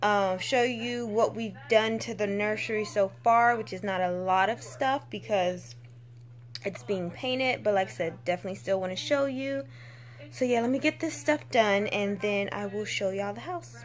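A woman's voice: medium pitch, normal speed. A young woman chatting casually on a phone camera at home, rambling with fillers and restarts. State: six months pregnant. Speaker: vlogger. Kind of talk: casual vlog chat. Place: at home, in a house.

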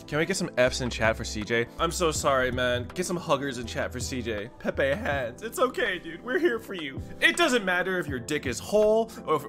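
A young man livestreaming, chatting casually with his viewers in a crude, joking way. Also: mid-range voice. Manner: joking, crude, addressing chat. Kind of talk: casual stream chat.

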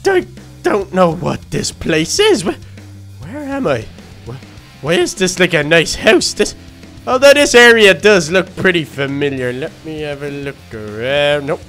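A man voicing a timid, excitable young male baby duck in a game role-play, gasping and easily frightened. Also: high voice, exaggerated voice. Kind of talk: Minecraft role-play narration.

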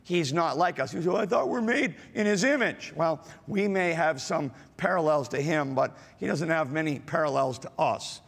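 Male pastor, gravelly, slow, halting sermon delivery, echo of a large church hall. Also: on the high side, animated. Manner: slow, halting delivery with many fillers, rising to emphatic repetitions. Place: church auditorium. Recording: large hall with long reverb.

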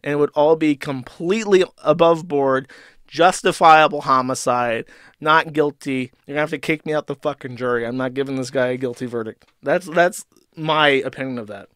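A man's voice: fairly high pitch, moderate pace, fairly bright tone, clear, resonant tone, no echo, clean studio sound. Sarcastic, profane male commentary host. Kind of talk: ranting online commentary.

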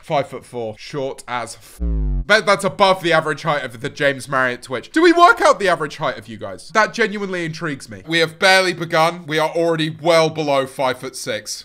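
A British man in his twenties with a fairly high voice and a sharp, bright tone. He streams casual reaction commentary, sweary and sarcastic, sounding exasperated with his chat. He speaks into a desk mic indoors. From United Kingdom. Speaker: streamer host.

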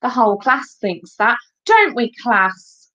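Casting: woman playing a mild, placating male teacher, slow delivery, muffled audio. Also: on the high side, sing-song, sharp tone, pitched above the performer's own voice, full character voice. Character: mild, weary male schoolteacher.

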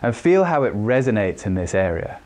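A man explaining communication skills in a lesson, calm and measured, sometimes showing off changes in pitch and speed. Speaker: communication trainer. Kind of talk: instructional talk.

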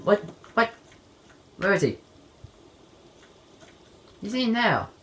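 A young woman giving playful let's play commentary on a game, shouting in bursts and slipping into silly voices. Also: medium pitch, sing-song, slow, slight background noise. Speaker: gamer playing a horror game.

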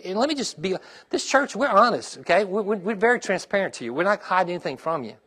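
A middle-aged male pastor preaching a sermon, checking in with the congregation with "okay?" and "amen?" and dropping to a quiet, heartfelt tone when he talks about his own trials. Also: high-pitched, very animated, fast talker.

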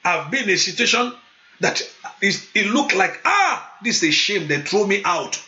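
A male pastor preaching a sermon, moving into loud fervent prayer and speaking in tongues. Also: high-pitched, sing-song, normal speed. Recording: dull lo-fi sound.

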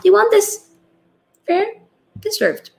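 Chatty woman, gravelly voice. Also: very high-pitched, takes it slowly, low-quality recording. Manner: chatty, animated, reads out viewer comments. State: tired. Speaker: livestream host. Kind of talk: casual live watchalong chat.

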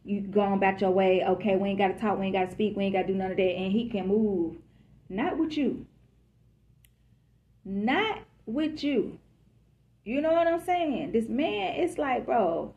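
A woman's voice: medium pitch, moderate pace, a little mellow, muffled recording. A woman giving a casual collective love reading, chatty and emphatic, who calls her listeners y'all and baby. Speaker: tarot reader.

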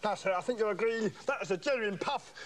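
A man's voice: sits high, quick pace, noisy background. A man playing a pompous, bumbling salesman in a slapstick children's comedy, with showy patter and chanted magic words. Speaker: comic visiting salesman.

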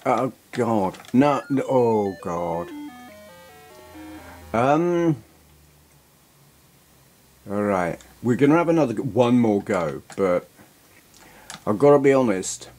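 A man's voice: medium pitch, lively intonation, slow pace, long pauses, darkish tone, faint music behind. A man giving rambling, self-deprecating commentary while playing an old computer game. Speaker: retro gaming YouTuber. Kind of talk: casual gameplay commentary.

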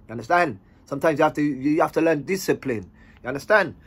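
A man's voice: on the high side, fast, slightly rough. A man telling a story in a casual, slang-heavy way. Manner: animated, slang-heavy, acts out dialogue.

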